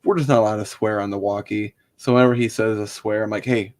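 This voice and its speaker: A man co-hosting a casual livestream, earnest and halting, often restarting his sentences. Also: lowish voice, steady tone, darkish tone. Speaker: livestream co-host.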